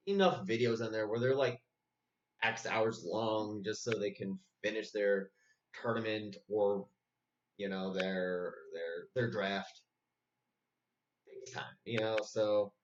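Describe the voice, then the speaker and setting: A man casually commentating a replay of his own poker tournament, rambling with lots of fillers and restarts. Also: on the low side. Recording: dull, slightly muffled recording with faint noise.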